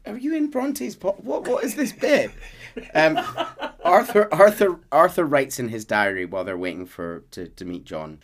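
A man co-hosting a podcast, casually retelling a game's story and slipping into quick character voices. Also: a little high, very animated, a bit bright. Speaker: podcast co-host.

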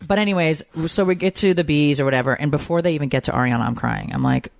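A woman's voice: low voice, fast, gravelly, dry recording. Woman host, dry close sound, chatty and emotional, rambles through her stories. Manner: emotional, rambling storytelling with fillers. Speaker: podcast host. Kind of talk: casual chat.

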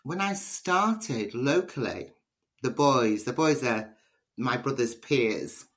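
This interview guest, a poet from Liverpool, England, has a bass voice and takes things slowly. Her conversational answers are chatty and animated, full of storytelling.

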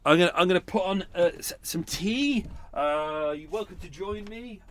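British male podcast host, slightly high voice, rambling and grumbly, shaken and breathless, recorded at home. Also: expressive, normal speed, no room sound. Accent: British English. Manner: rambling, grumbling, self-interrupting. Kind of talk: casual unedited chat. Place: home room.

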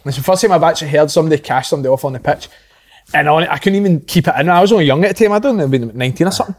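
A man, an ex-footballer co-hosting a podcast, telling animated, sweary stories in casual chat. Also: on the high side, rapid-fire. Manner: animated storyteller, swears, laughs at own tales. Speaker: podcast co-host, former footballer.

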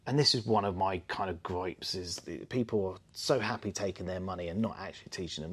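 A man co-hosting a casual podcast chat, telling anecdotes in a lively way. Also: sits low, fairly quick, few pauses, breathy edge. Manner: storytelling, animated with quoted voices. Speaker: podcast co-host.

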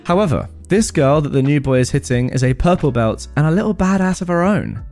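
A man hosting a storytime podcast, reading a story aloud in an expressive, animated way. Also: a little high, fast, faint music behind.

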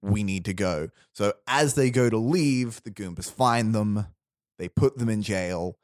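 Lower-voiced man telling a story casually. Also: unhurried, a little mellow, no echo, clean studio sound. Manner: rambling, restarts, quotes characters in low voice. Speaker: storyteller pitching a movie plot. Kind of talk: casual chat.

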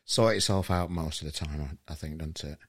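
A man's voice: extremely low pitch, a little fast. A man hosting a podcast, easygoing and laughing along as he draws out his guest. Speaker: podcast host. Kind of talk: casual interview chat.

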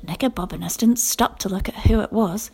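A woman teacher reading a children's story aloud, lively and expressive. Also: mid-range voice, brisk, husky. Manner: lively expressive reading with whispered character lines.

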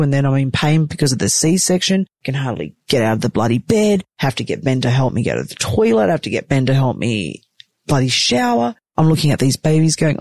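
A woman's voice: low voice, a little mellow, no echo. An exhausted woman who has just given birth, chatting frankly and exclaiming often in a personal vlog from a hospital room. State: exhausted after giving birth. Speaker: vlogger, new mother.

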